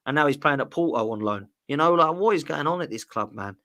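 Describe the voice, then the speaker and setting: A man holding forth in a loose football chat. His voice has a bright, forceful edge. He rants with exasperated passion and drops a lot of slang. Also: on the high side, expressive, fast, few pauses. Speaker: guest co-host.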